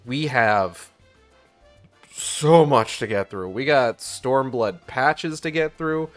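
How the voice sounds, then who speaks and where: A man's voice: mid-range voice, takes it slowly, fairly bright tone, faint music behind. Rambling casual male game streamer. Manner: rambling, many fillers, swears. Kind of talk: casual let's-play commentary.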